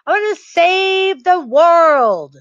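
A woman's voice: very high-pitched, lively intonation, takes it slowly, dry recording, highs cut off. A woman coaching her real estate students in a motivational talk, earnest and emphatic, repeating her points for stress.

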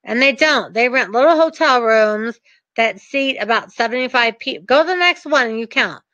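A woman with a bright, high voice gives a motivational coaching talk to her students. She speaks earnestly and hammers home her points by repeating them. The sound is dry and a little dull. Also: expressive, normal speed, no echo. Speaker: real estate investing coach.

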